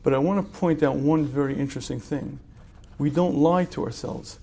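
A man's voice: fairly high pitch, normal speed, dark tone. Conversational man teaching with rhetorical questions. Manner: conversational, rhetorical questions, clears throat often. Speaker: religious teacher. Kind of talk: lecture.

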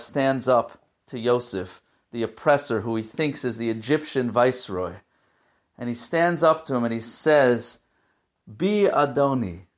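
Male Torah teacher, mid-range voice, earnest and emotional storyteller. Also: mid-range voice. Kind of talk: weekly Torah portion talk.

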